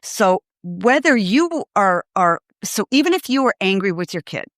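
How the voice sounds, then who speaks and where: A woman's voice: mid-range voice, big pitch swings, normal speed, dry recording, studio quality. Earnest woman host giving parenting advice. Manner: earnest, emphatic, speaks directly to parents. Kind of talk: live Q&A advice talk.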